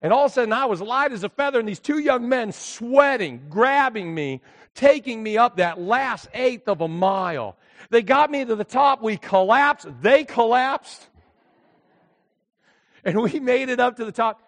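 An older man, a pastor, preaching a sermon as a story, moving from hushed reflection to near-shouting. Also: extremely high pitch, animated, moderate pace.

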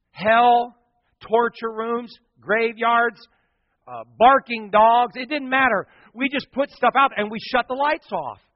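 A man with a high-pitched voice preaches a sermon as pastor, acting out a story with animated delivery. The sound is somewhat dull and muffled, with a long reverb tail from a large hall, though the voice itself sits close and dry.

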